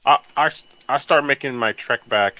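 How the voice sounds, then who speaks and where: A man works through his turn in a tabletop game, stopping and starting as he thinks aloud. His voice sits at an average pitch, and the recording is dry with no room sound. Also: moderate pace, pushed and bright, no echo, poor audio. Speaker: player. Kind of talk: casual tabletop play.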